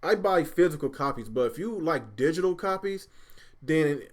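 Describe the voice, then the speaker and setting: A man hosting a casual gaming livestream, animated and quick to swear when riled up. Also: on the high side. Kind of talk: casual chat.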